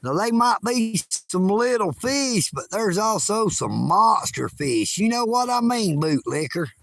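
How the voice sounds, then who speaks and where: A man's voice: high-pitched, very animated, a little slow, vocal fry, a bit bright, no echo. A man from Georgia with a Southern accent, live-streaming outdoors at a lakeside park and chatting in a folksy, boastful way, teasing his viewers. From Georgia, United States. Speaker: livestream host. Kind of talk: casual outdoor livestream chat.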